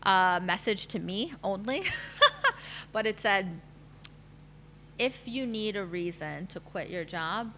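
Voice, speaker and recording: A woman's voice: mid-range voice, sing-song, slow, long pauses, bright, forceful tone, a little hiss or hum. A woman in her thirties, a matchmaker, telling her own career story candidly in a podcast interview, with fillers and laughter. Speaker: guest, matchmaker.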